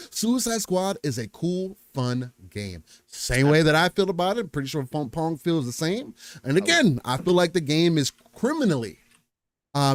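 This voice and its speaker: A laid-back man co-hosts a gaming podcast, joking around and reading chat messages aloud. His pitch sits a bit high and swings lively up and down. The recording is dry and close. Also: no echo. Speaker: podcast co-host. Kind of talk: casual chat.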